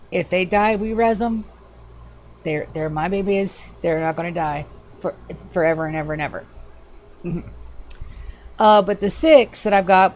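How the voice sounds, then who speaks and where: A woman streaming a game live from home, chatting casually in a loose, profane, animated way at a desk microphone. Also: medium pitch. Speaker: livestreamer. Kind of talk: casual gaming livestream chat.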